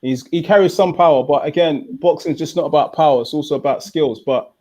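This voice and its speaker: An English man hosts a live fan watchalong in a loose, chatty way, reading viewer comments aloud between his own remarks. His voice sits a little high and has a warm, mellow tone. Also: fairly quick. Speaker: host. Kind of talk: casual live watchalong chat.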